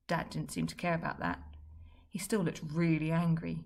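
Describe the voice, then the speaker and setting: A woman reading a children's book aloud in a wry, lively storytelling manner. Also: sits low, normal speed, vocal fry. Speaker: story reader.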